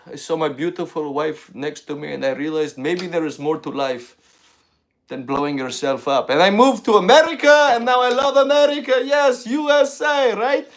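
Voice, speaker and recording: A man voicing a loud, preachy male former extremist turned motivational speaker, with a sing-song put-on foreign accent. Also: high voice, racing, hardly any pauses. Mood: boastful.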